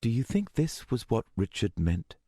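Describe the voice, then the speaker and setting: A man voicing Rachel, a cautious and thoughtful teenage girl apprentice who talks quietly in an audiobook. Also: medium pitch, very animated, moderate pace, breathy edge, no room sound, clean studio sound, pitched above the performer's own voice.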